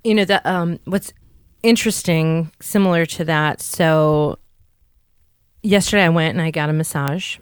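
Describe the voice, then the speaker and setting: A woman's voice: low-pitched, measured pace, smooth, no echo, clean studio sound. A woman co-hosting a podcast, telling a long candid story in casual chat and swearing offhandedly. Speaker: podcast co-host.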